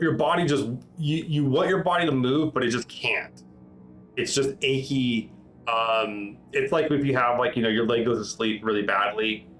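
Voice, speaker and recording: A man's voice: medium pitch, fairly bright tone, rough recording. A man narrating as game master in a rambling way, with many restarts and fillers, over faint music.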